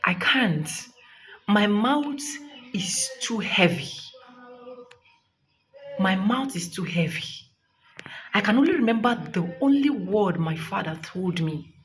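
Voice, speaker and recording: A woman's voice: mid-range voice, animated, slow pace, long pauses, faint music behind. A young Nigerian woman vlogging a fervent, preachy testimony of thanks, close to tears. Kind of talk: emotional testimony vlog.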